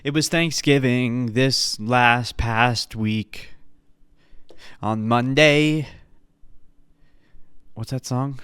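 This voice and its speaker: A man's voice: mid-range voice, takes it slowly, long pauses, a bit bright, clear, resonant tone, no room sound, studio quality. A man hosting a podcast, ranting playfully and crudely in a casual comedic style. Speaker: podcast host.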